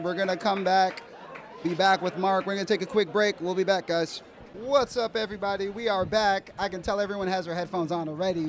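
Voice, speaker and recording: Male host, energetic, hypes crowd, higher voice. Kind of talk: live show emcee.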